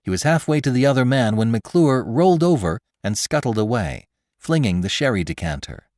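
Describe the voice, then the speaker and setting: A man narrating a story in a dramatic, expressive reading style. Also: medium pitch, moderate pace, no room sound. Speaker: podcast host and narrator. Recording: dry close studio sound.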